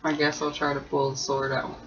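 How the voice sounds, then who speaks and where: Deadpan tabletop game player. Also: medium pitch, a little fast. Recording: dull lo-fi sound with faint noise.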